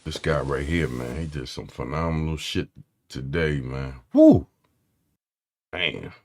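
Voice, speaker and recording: A man's voice: very deep voice, fairly even intonation, a little slow. A man hosting a casual tech live stream, loose and slangy, greeting his chat by name. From Philadelphia area.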